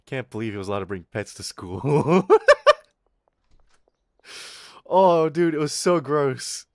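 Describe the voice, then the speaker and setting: A young man streaming, telling a school story in a casual, animated, swearing way. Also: mid-range voice, slow pace, no echo, studio quality.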